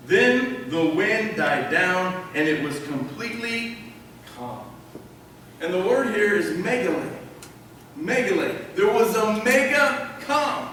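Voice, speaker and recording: A man's voice: sits high, big pitch swings, slow pace, a bit bright, a little hiss or hum. A male pastor preaching a sermon, emphatic and repeating key phrases while asking the congregation questions. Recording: echoey hall from far off.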